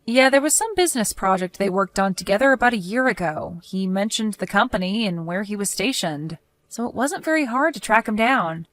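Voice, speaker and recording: A woman's voice: medium pitch, lively intonation, brisk, a bit bright, no echo. A woman narrating a first-person story and speaking firmly, scolding a neighbor. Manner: firm, scolding.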